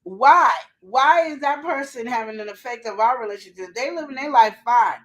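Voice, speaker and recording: A woman with a somewhat high voice co-hosts a live relationship advice stream. She talks casually with slang. She presses her points with repeated questions. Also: normal speed. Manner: animated, emphatic, repeats questions. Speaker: co-host of a live advice show.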